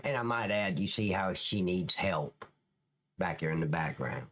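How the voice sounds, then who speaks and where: A man's voice: low voice, expressive, moderate pace, noisy background. A man ranting profanely and scornfully as a live-stream commentator, reacting to police clips.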